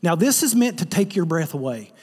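Male pastor, sermon delivery, animated and humorous, slightly high voice, long hall reverb. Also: a little fast, breathy edge. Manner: animated, joking storyteller.

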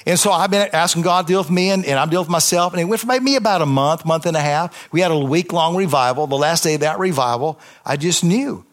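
A high-pitched man preaches his testimony before a church congregation. He talks to them conversationally but with rising passion, leaning on emphatic repetition. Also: quick pace, few pauses, faint music behind. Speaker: pastor. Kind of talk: testimony sermon.

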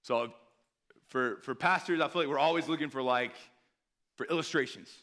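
A man's voice: medium pitch, moderate pace, a bit bright. A man in his thirties, a missionary preaching a sermon in a conversational way, often checking in with his listeners. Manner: conversational, asks the audience often with "right?".

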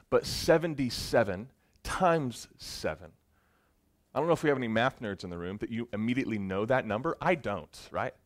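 Male preacher, mid-pitched voice, chatty storyteller, swings from hushed to loud and emphatic. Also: dry recording. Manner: conversational, playful asides. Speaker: pastor. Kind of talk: sermon.

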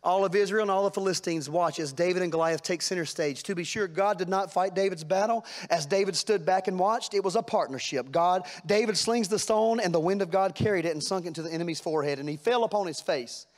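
A man's voice: high voice, quick pace, hardly any pauses. A man preaching a sermon, folksy and plain-spoken, building to fervent rhetorical questions. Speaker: pastor.

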